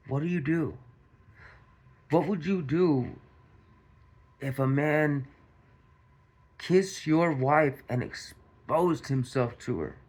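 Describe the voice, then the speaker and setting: Guy ranting slowly at his viewers, lots of restarts and repeats, keeps asking what would you do. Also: a little high, a little mellow. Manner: repetitive, restarts, rhetorical questions to viewers. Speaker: commentary channel host. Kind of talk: casual commentary monologue.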